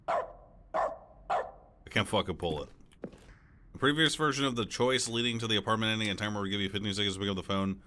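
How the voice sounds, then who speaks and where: A man streaming a game, joking crudely and reading game text aloud quickly. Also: on the low side, pushed and bright, a little hiss or hum. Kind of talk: casual gameplay commentary.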